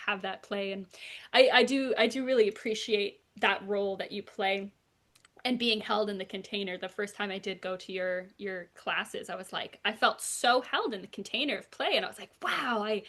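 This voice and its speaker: A woman hosting a casual podcast interview, talking in a lively way, laughing often and acting out quotes. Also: medium pitch. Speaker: podcast host; puppeteer and teacher.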